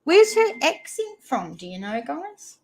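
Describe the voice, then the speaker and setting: A woman's voice: sits high, very animated, measured pace. A woman from New Zealand with a New Zealand accent, hosting a casual livestream chat and reading viewer comments aloud. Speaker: livestream host.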